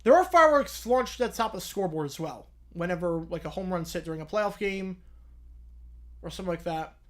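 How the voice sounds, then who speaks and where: Drowsy and yawning, a young man hosting a live stream answers chat questions and offers casual commentary. His high voice is brisk with lively intonation, and his delivery is chatty, rambling, and self-correcting.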